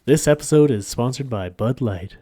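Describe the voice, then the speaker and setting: A relaxed man co-hosts a podcast, chatting loosely and laughing often. His voice is mid-pitched and mellow, recorded dry and close. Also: normal speed, breathy edge, dry recording. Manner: laid-back, laughs often. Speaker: podcast co-host. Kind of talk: casual chat.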